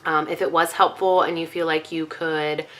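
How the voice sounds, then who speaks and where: A woman's voice: sits low, flat delivery, normal speed, a bit bright. A young woman vlogging casually to her viewers, chatty with lots of ums, a little out of breath. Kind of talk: casual chat to camera.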